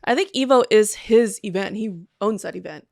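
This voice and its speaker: A woman's voice: medium pitch, normal speed, creaky, a little mellow, dry recording, studio quality. A young woman co-hosting a podcast in casual chat, laid-back and swearing freely, with lots of agreeing murmurs. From half Japanese. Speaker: podcast co-host.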